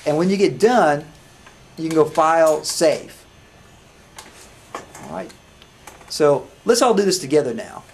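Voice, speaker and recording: A man teaching music software to a class, talking casually with many restarts and questions to the students. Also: fairly high pitch, lively intonation, unhurried, long pauses, slight background noise. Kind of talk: live classroom software demo.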